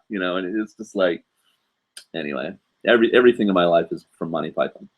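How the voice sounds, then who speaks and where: A man in his forties from the United States hosts a live online show and talks casually with viewers. His voice sits low. He rambles from one aside to the next, with plenty of ums and uhs. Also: fast. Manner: rambling, lots of fillers and asides. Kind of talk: casual live stream chat.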